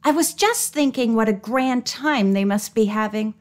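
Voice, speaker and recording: Storybook teen girl, excitable and quick to grumble, voiced by a woman narrator, voice lifts a little higher. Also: natural voice. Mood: excited. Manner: eager, quick to complain. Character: teenage girl Judy, restless and excitable.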